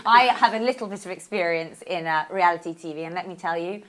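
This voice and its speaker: A woman hosting a podcast, playful and animated as she steers the conversation. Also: on the low side, fast talker. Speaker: podcast host. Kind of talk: casual chat.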